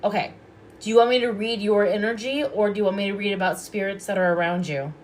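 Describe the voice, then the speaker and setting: A woman's voice: medium pitch, steady tone, quick pace, a little hiss or hum. A woman hosting a casual livestream as a Reiki and hypnosis practitioner, chatty, affectionate and rambling.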